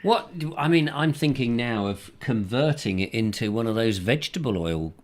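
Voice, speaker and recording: A man's voice: medium pitch, lively intonation, normal speed. A man hosting a casual comic chat show, rambling and joking, often trailing off mid-sentence. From England. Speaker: show host.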